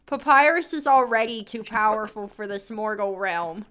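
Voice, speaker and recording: A woman's voice: mid-range voice, expressive, normal speed, a bit bright, clean tone. A woman streamer in casual gaming chat, playful with dramatic outbursts and giggles.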